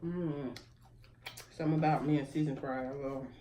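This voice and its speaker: A woman's voice: sits low, steady tone, brisk, mellow, distant mic. A woman hosting an eating show, chatting casually between bites and laughing often. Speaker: mukbang host. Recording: echoey room, voice from afar, faint room noise.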